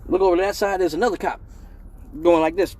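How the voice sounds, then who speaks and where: A middle-aged man hosting a live stream tells a profane story casually, acting out its voices. His voice is high and fast, and his manner is animated.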